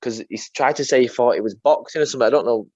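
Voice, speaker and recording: A man's voice: mid-range voice, very fast, darkish tone, no room sound. A young man, an MMA fighter as a guest, chatting casually and rambling through stories while he swears and keeps saying "mate". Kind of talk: casual chat. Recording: dull lo-fi sound.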